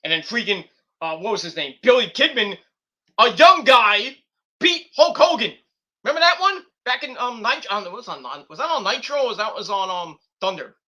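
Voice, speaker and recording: A man with a high, bright and forceful voice talks on his own show in a loose, rambling way. He swears freely and keeps restarting his sentences, filling the gaps with ums. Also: big pitch swings, moderate pace. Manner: rambling, profane, with frequent restarts and filler. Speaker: wrestling podcast host. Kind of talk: casual rambling commentary.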